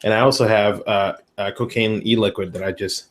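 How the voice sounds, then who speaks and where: A man's voice: fairly low pitch, steady tone, fairly quick. A man co-hosting a casual live-stream show, joking and cursing with stumbling restarts. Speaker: co-host.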